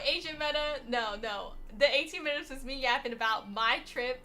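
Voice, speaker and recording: Sassy, bright-voiced young woman streamer. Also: high-pitched, moderate pace, hardly any pauses. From United States. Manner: rambling, profane and sassy. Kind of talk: casual livestream chat.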